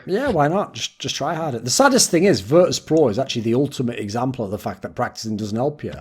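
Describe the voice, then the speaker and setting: A man's voice: mid-range voice, fast talker, breathy edge. A man hosting a casual esports round-table discussion, telling stories with boastful, swearing banter. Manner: animated storytelling with quoted voices.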